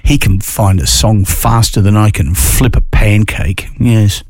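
A man's voice: on the low side, steady tone, unhurried, darkish tone, no echo, clean studio sound. A man hosting a community radio show, playful and self-mocking with chuckling asides. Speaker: radio host. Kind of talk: casual radio banter. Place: radio studio.

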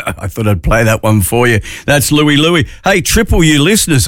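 A man's voice: fairly high pitch, lively intonation, moderate pace, a bit bright. A man with an Australian accent presenting a community radio show in chatty, jokey, upbeat talk from a studio. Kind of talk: casual radio chat.

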